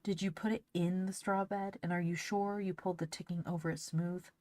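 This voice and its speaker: A woman's voice: fairly low pitch, steady tone, fairly quick, a little mellow, no room sound, lightly acted. A woman doing a fretful young girl. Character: eager young girl, anxious big sister. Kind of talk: audiobook character voice.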